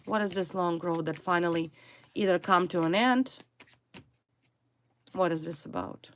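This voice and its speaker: A woman's voice: on the low side, measured pace, fairly bright tone. A woman giving a tarot reading to her viewers, stressing her points by repeating single words. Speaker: tarot reader.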